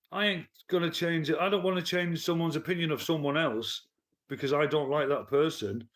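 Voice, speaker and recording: A man, ranting bluntly and with swearing to his live-stream chat from his living room. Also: on the high side. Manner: blunt, profane, heated. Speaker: livestreamer and commentator.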